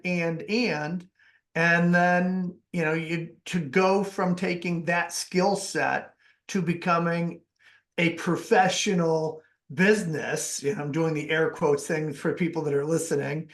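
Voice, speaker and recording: A man's voice: on the high side, a bit bright. A man hosting a podcast, talking in a rambling, conversational way with frequent restarts. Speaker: podcast host. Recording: echoey room.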